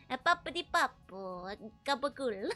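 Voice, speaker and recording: Woman doing a bright, over-the-top Italian chef caricature, loud and sing-song. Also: extremely high pitch, pitched above the performer's own voice, exaggerated voice. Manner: exaggerated, sing-song, shouted. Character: loud cartoonish Italian pizza-chef stereotype.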